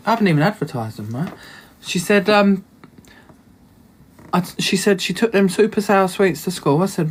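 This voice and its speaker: A man's voice: high voice, lively intonation, normal speed, slightly rough. Young man, vlogger, casual storytelling, indignant, rambling, lots of fillers.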